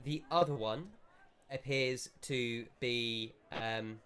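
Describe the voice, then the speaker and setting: A man narrating a tabletop game as game master, describing scenes in a relaxed, halting way with fillers. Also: medium pitch.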